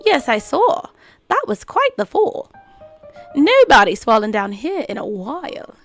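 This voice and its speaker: A woman's voice: sits high, very animated, normal speed, soft background music. A woman voicing a cryptic, teasing male cat in a game, speaking in a put-on accent with a smug, riddling manner.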